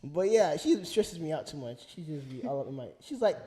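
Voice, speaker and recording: A young man, a podcast co-host, telling stories in casual chat, animated and laughing as he mimics his mother. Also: a little high, brisk, big-room sound.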